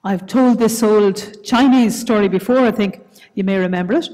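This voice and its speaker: A woman with a Northern Irish accent leading worship and reading scripture aloud in a church service, slow, measured and soft-spoken. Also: medium pitch. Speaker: worship leader. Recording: reverberant church hall.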